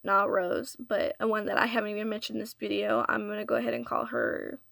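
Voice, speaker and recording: A woman's voice: mid-range voice, flat delivery, fairly quick, gravelly, a bit bright, no room sound. A young woman telling a personal storytime in an earnest, confessional way. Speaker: vlogger. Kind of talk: storytime vlog.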